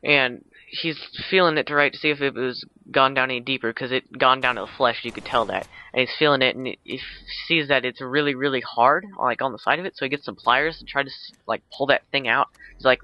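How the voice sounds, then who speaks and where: A man's voice: mid-range voice, brisk, sharp tone, highs cut off. A man casually retelling a film's plot for a video, rambling with lots of fillers and restarts, with teasing asides. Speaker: video blogger.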